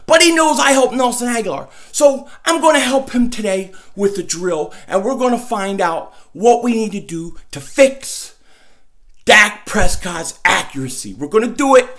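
A male sports vlogger with a loud, excitable manner who often shouts while doing a comedy bit and a fan rant. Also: high-pitched, normal speed.

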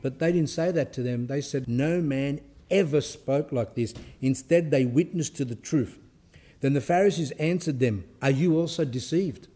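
Mellow-voiced man giving a scripture talk. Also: mid-range voice. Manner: reads a passage aloud, then pauses to explain it in plain words; halting and conversational, with restarts. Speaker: Orthodox speaker giving a talk. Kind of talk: sermon talk with scripture reading and commentary.

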